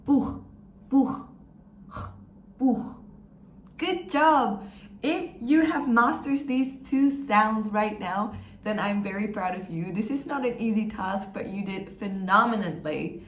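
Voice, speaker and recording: Slow, encouraging woman teaching. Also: mid-range voice, fairly bright tone, echoey room, a little hiss or hum. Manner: encouraging, demonstrates sounds and has learners repeat. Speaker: German language teacher. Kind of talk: step-by-step pronunciation lesson.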